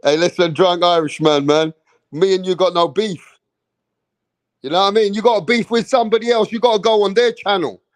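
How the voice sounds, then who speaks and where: A man hosts a boxing channel in a loose, streetwise way. His voice sits a little high, and he keeps telling viewers off in slang, tacking "bruh" and "man" onto his lines. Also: fairly even intonation, brisk. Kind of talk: casual livestream rant.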